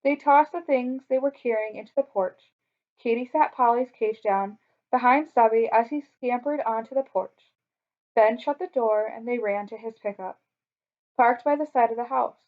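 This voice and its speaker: A woman's voice: a little high, normal speed. Woman reading a children's story. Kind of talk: children's story read aloud. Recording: dull lo-fi recording.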